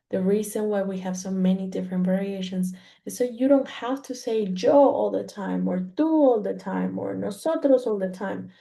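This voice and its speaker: A woman's voice: medium pitch, vocal fry, dark tone. A woman from Mexico teaching Spanish grammar to learners, patient and careful, checking in with "okay?" after each point.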